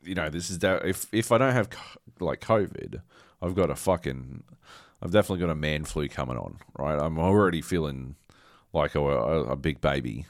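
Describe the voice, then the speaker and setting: A man's voice: a bass voice, normal speed, no room sound, clean studio sound. A man co-hosting a podcast, telling a rambling, profane story with dramatic quoted asides, still carrying a slight cough. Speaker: podcast co-host. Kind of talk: casual chat.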